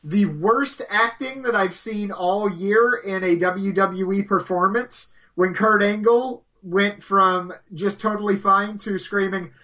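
Higher, bright-voiced man, exasperated podcast ranter, dull lo-fi sound. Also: slow, few pauses. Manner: exasperated, profane ranting. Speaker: wrestling podcast co-host. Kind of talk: casual chat.

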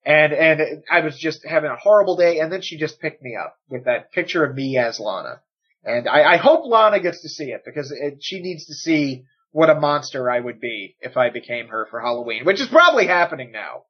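A man co-hosting a wrestling podcast in casual chat, animated and joking, swearing freely. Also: on the high side, a little fast, husky, lo-fi sound. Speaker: podcast co-host.

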